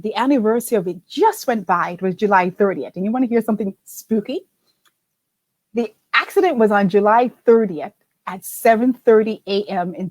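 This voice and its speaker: A woman's voice: mid-range voice, no room sound. A middle-aged woman coach giving a live-stream talk, answering viewer comments in a chatty, encouraging way and often adding "right?". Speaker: confidence and leadership coach.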